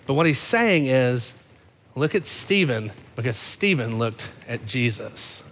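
A man preaching a sermon as pastor, impassioned, swinging from loud emphasis to hushed, low moments. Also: sing-song, a little slow. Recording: long hall reverb.

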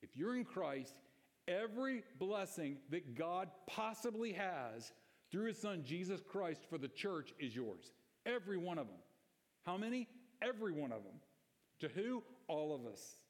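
A pastor preaches a sermon in a high, very animated voice at a measured pace, conversational and emphatic as he puts rhetorical questions to the congregation. The recording carries the long reverb of a church hall.

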